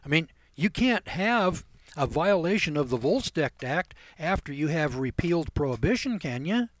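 Throat-clearing man telling a folksy story. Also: on the high side, big pitch swings, normal speed. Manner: folksy, clears throat often, acts out dialogue. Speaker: seminar speaker telling a story. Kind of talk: storytelling lecture.

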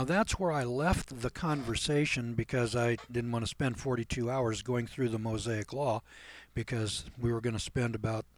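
A man telling a story to a class in a folksy way, clearing his throat often and acting out both sides of the dialogue. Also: medium pitch. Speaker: seminar speaker telling a story. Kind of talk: storytelling lecture.

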